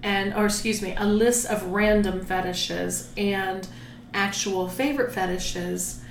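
A woman's voice: mid-range voice, fairly even intonation, unhurried, creaky. A woman co-hosting a casual chat podcast, playful and laughing often. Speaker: podcast co-host. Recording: echoey room with some noise.

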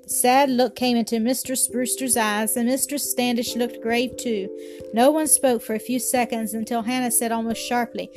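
Woman narrator, storybook reading, calm, slightly high voice, soft music underneath. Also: normal speed. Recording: faint music behind.

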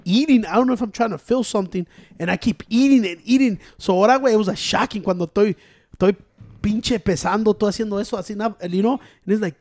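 Fast-talking man. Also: sits high, no room sound, studio quality. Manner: mixes Spanish and English, swears, gets loud and worked up. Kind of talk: casual chat.

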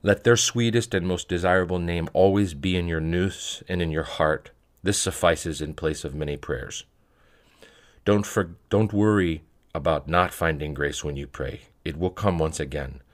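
A man reading spiritual letters aloud in a measured, reverent way. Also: deep voice. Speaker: podcast reader of monastic letters.

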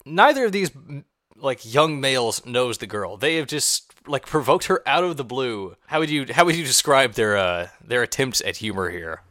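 A man co-hosting a podcast, sarcastic and animated, swearing and mocking an episode in casual chat. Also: mid-range voice, moderate pace, no echo, clean studio sound. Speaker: podcast co-host.

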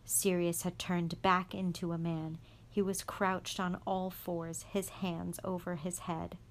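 A woman reading a chapter of a storybook aloud in a calm, even voice. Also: fairly low pitch, slow. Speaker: guest reader.

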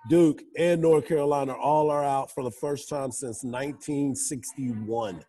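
A man co-hosting a sports talk show who speaks in a blunt, matter-of-fact way. His voice sits slightly high. He sounds plain and direct. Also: fairly even intonation, normal speed, dark tone. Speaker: podcast co-host. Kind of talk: casual sports chat.

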